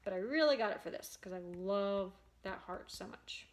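A woman's voice: mid-range voice, animated, moderate pace, noisy background. A woman chatting casually and enthusiastically as a vlogger, showing her cross-stitch purchases with frequent ums. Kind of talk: casual show-and-tell chat.

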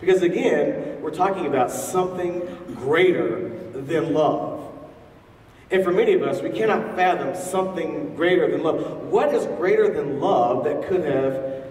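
A man's voice: fairly high pitch, animated, unhurried, a little mellow, slight background noise. A man giving a public talk to a live audience, asking the crowd questions as he speaks. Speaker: featured speaker. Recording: echoey hall from far off.

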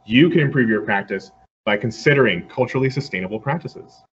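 An earnest man from Puerto Rico gives a conversational talk over a video call, his voice sitting at a middle pitch. The audio is slightly dull, with a faint hiss of background noise behind him. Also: brisk. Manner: earnest, conversational, lively with frequent fillers. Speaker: guest lecturer. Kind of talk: online lecture and Q&A.

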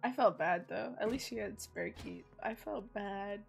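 A young woman streamer with a hoarse, sick voice, chatting casually and swearing as she plays. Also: mid-range voice, a little slow, soft background music. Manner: chatty, swears freely, thinks aloud. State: hoarse from sickness and morning voice. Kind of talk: casual gameplay commentary.

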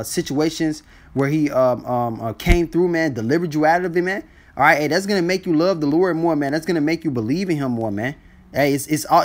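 A man teaching scripture in a casual, blunt street style, ending almost every phrase with "man". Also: on the high side. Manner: blunt and profane when exhorting.

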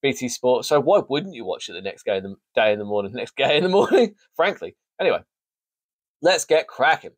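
A man's voice: mid-range voice, very animated, a little fast, dry recording. A man hosting a sports show, casually previewing a fight card with jokey, rambling, self-mocking asides. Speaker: sports podcast host.

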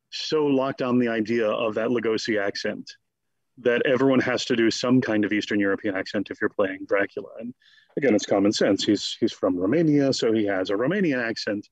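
Male guest scholar, husky, animated and digressive; dry, lo-fi recording. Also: mid-range voice, no echo. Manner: animated, digressive, slips into quick mock voices. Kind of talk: conversational interview.

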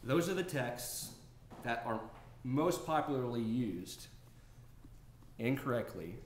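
A man's voice: mid-range voice, expressive, slow, slight background noise. A man preaching a sermon, earnest and building to emphatic exclamations, recorded in a church sanctuary. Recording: echoey church room, faint ambience.

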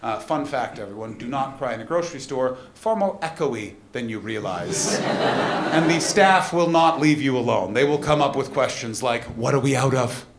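A man performing a stand-up comedy set live, moving between quiet somber storytelling and loud punchlines. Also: mid-range voice, expressive, moderate pace. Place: live comedy venue at a festival. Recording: roomy live venue with audience noise.

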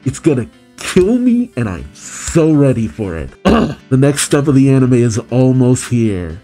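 A man's voice: medium pitch, sing-song, measured pace, mellow, soft background music. A man summarizing a manga chapter, reading the dialogue aloud and reacting with open emotion. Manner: reads character lines aloud, then gushes emotionally.

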